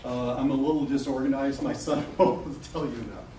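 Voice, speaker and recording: A middle-aged man giving a live seminar talk to an audience. He is animated and blunt, laughs often and swears casually. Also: medium pitch, moderate pace. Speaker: marketing coach presenting a seminar. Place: event room with a live audience. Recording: echoey room from a distance, noisy.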